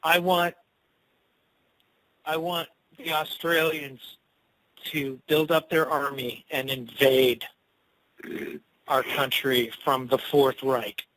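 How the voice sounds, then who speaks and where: A man telling a rambling, animated story in a casual interview, swearing freely along the way. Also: mid-range voice, takes it slowly, long pauses, poor audio. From Cleveland. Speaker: interviewed musician.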